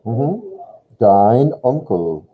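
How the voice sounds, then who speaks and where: A man's voice: medium pitch, big pitch swings, drawn-out words, breathy edge. A man teaching a German lesson, patiently explaining grammar step by step and prompting a student. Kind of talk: online language lesson. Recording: tinny phone-like line.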